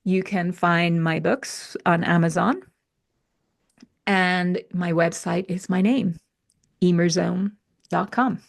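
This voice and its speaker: A woman's voice: fairly low pitch, steady tone, slow, gravelly, long pauses. A woman guest in a casual podcast conversation, telling stories and acting out her inner voices with animation. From UK or Ireland.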